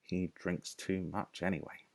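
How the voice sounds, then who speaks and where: A man's voice: fairly high pitch, a little slow, gravelly, fairly bright tone, voice pushed up. A man voicing a big, meek housemaid who answers dutifully and mutters to herself, in a storybook reading.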